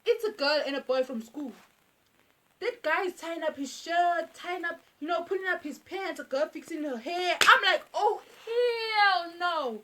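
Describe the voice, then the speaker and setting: A young South African woman telling a casual storytime, animated and repeating phrases for emphasis. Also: very high-pitched, moderate pace, slight background noise. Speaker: YouTuber.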